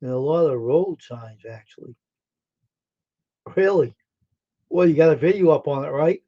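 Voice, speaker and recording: A man's voice: fairly high pitch, lively intonation, a little slow. A man hosting a live stream, chatting casually and answering his viewers' messages aloud while sounding tired and yawning. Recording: dull lo-fi stream audio.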